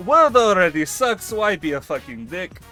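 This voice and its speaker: A man's voice: sits high, big pitch swings, moderate pace, bright, forceful tone, soft background music. A man streaming and chatting casually in a put-on character voice, laughing often and swearing freely. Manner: talks in a put-on character voice he uses for his persona. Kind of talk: casual live-stream chat.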